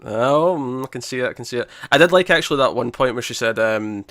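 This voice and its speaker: Guy rambling on a podcast, lots of restarts and laughs, dry close sound, mid pitch. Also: animated, fast, a bit bright, no room sound. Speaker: podcast co-host. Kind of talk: casual chat.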